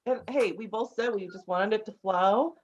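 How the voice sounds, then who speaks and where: A woman's voice: medium pitch, normal speed, slight background noise. Woman, podcast host, casual chat, rambling, lots of fillers, somewhat muffled recording. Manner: rambling, many fillers and restarts. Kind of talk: casual conversational interview. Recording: slightly dull lo-fi audio.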